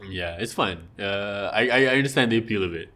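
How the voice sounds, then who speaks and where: A man's voice: lowish voice, fairly quick, a little hiss or hum. A man telling funny stories in casual chat, laughing often and acting out what others said. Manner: laughs often, animated retelling with quoted voices.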